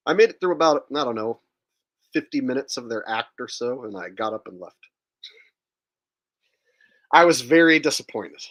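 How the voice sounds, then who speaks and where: A man's voice: medium pitch, a bit bright. A man hosting his own channel, telling a rambling, profane story in a casual, wry way. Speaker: channel host. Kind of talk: casual comedic monologue.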